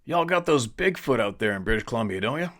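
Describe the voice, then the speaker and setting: A man's voice: medium pitch, expressive, fast talker, a bit bright, lightly acted. A man voicing an older male taxi driver who speaks in a curious, easygoing drawl. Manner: drawling, casual, uses y'all.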